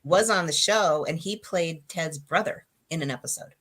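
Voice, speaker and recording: A woman guest in casual chat, self-deprecating and quick to laugh. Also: low-pitched, a bit bright.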